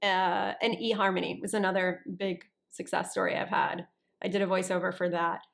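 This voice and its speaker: A woman's voice: lowish voice, little pitch movement, moderate pace, creaky, fairly bright tone. Chatty woman voiceover actor as guest. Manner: chatty, restarts sentences, checks in with "you understand?". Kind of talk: casual interview talk.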